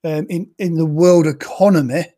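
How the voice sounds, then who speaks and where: A man's voice: a little high, moderate pace, warm tone. A man hosting a casual online show, chatting and joking as he reads out comments from viewers. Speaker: podcast host. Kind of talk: casual chat.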